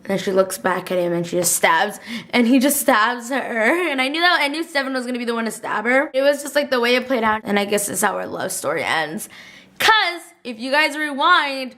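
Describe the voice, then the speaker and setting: A woman's voice: fairly high pitch, lively intonation, a little fast, bright, forceful tone. A woman vlogger gushing in a casual, chatty way as she recaps a TV episode for her viewers, often calling them guys. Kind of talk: casual retelling to camera.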